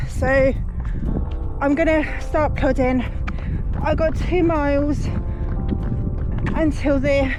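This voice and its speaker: A woman filming herself on a humid outdoor run, rambling and upset as she talks to the camera. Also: high-pitched. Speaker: running vlogger. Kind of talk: self-filmed vlog on a run.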